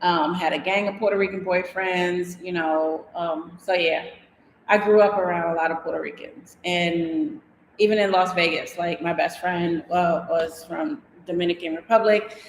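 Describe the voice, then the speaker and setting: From inside her house in Mexico, a DIY and design vlogger runs a casual livestream, chatting in a rambling way and reading out viewer comments. Her voice is lowish with fairly even intonation and a moderate pace. The room echoes with long reverb, and there's a slight hiss or hum.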